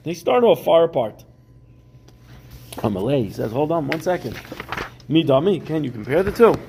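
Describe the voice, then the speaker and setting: A man teaching a Talmud class, his voice gravelly and mellow with a dark, relaxed tone. He reads the Aramaic text and then explains it in casual English with everyday examples for his students in a classroom. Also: on the high side, moderate pace, slight background noise.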